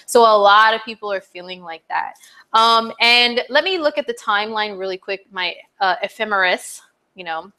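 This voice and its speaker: A woman's voice: medium pitch, moderate pace, pushed and bright. A woman astrologer hosting a live stream, chatting casually and bubbly, often laughing as she answers viewers. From not from New Jersey.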